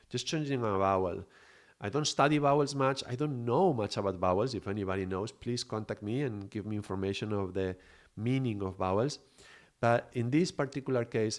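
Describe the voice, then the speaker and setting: A man's voice: lowish voice, normal speed. A man giving a live spiritual teaching, explaining patiently, often searching for words and checking in with his listeners. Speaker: Kundalini yoga teacher.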